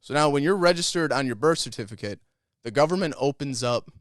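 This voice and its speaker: Dude on a podcast rambling a story, swears a lot, regular pitch, dry close mic. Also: male voice, expressive, a little fast, no echo. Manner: rambling, profane retelling of a conversation. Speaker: podcast co-host. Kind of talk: casual comedic storytelling.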